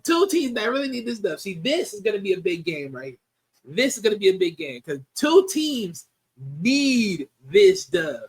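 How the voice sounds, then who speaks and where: Young man, high voice, sports host, casual predictions, repeats himself, emphatic. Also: sing-song, a little slow, slightly rough. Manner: repetitive, emphatic, restarts sentences.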